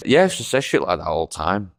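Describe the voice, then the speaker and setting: A man co-hosting a podcast, an animated storyteller who swears a lot. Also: deep voice, a little fast, gravelly, dry recording, studio quality. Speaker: podcast co-host. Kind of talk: casual chat.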